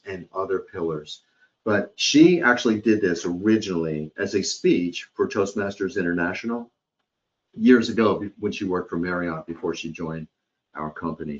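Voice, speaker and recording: A man presenting a live hospitality training webcast in a conversational way, often checking in with his listeners. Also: low-pitched. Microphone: computer or headset mic on a webcast. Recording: dull lo-fi webcast audio.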